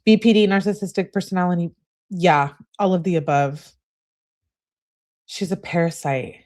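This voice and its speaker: A woman's voice: fairly low pitch, moderate pace, darkish tone. A woman hosting a true-crime channel, reading texts and adding candid asides with sighs and laughs for her viewers. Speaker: true-crime commentary host.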